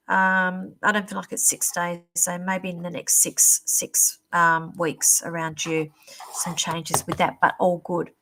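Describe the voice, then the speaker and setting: A woman hosting a live-stream psychic reading, chatty and reassuring, calling viewers darling, her voice going a little hoarse. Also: mid-range voice, bright, forceful tone. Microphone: computer or phone mic on a live stream.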